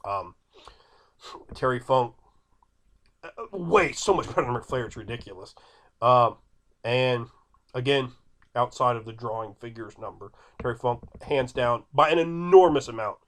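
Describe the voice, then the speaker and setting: A man's voice: medium pitch, a little slow, long pauses, a bit bright. A man in his thirties giving an opinionated, emphatic commentary, repeating his points and arguing with an imagined viewer. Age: 30s. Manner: emphatic, repetitive, argumentative. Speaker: video creator.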